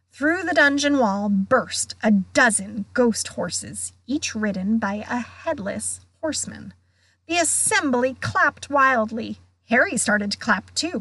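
Woman, guest reader, storybook narration, slow, breathy, slightly high, dry sound. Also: fairly bright tone, no echo. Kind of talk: reading a novel aloud.

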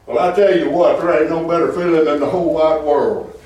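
A man preaching a fervent sermon as pastor, with call-and-response and bursts of shouting. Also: a little high, brisk, muffled recording. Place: church sanctuary. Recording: echoey church hall from far off.

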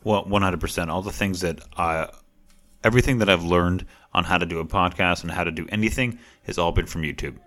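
A man with a very deep voice co-hosting a casual podcast. He speaks in a relaxed, plainspoken way. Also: brisk. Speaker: podcast co-host.

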